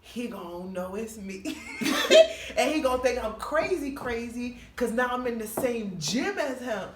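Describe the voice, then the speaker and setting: A woman comedian telling a funny story in a lively, laughing way, acting out the people she quotes. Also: measured pace. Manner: laughs often, acts out quotes with big pitch jumps. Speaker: comedian guest. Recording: echoey room, mic at a distance, faint noise.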